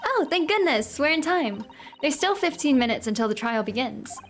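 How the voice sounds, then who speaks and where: A woman voicing a polite, earnest young woman assistant in a proper, high reading voice. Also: sing-song, moderate pace.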